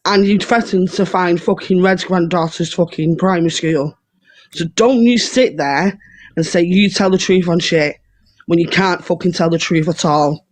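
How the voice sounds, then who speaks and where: A man's voice: sits high, normal speed. A man, furiously accusing someone with heavy swearing during a live-stream argument.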